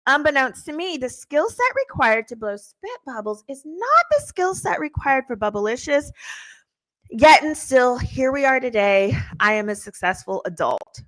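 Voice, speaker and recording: Animated high-voiced woman telling stories. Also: moderate pace. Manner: animated, slangy, laughing asides. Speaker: attorney and show host. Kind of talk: casual storytelling chat.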